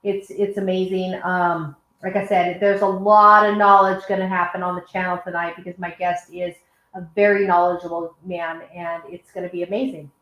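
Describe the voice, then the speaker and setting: A woman's voice: fairly low pitch, flat delivery, normal speed, fairly bright tone, roomy sound, dull audio. A woman hosting a casual livestream, chatty and earnest, talking to viewers as y'all. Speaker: host. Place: home in Oregon.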